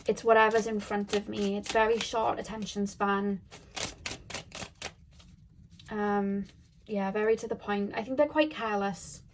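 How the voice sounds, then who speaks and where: A woman's voice: medium pitch, steady tone, moderate pace, noisy background. A woman giving a casual tarot reading to camera, chatty and frank, with lots of fillers and restarts. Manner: chatty, loose, with many fillers and repeated phrases; frank and matter-of-fact. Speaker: tarot card reader.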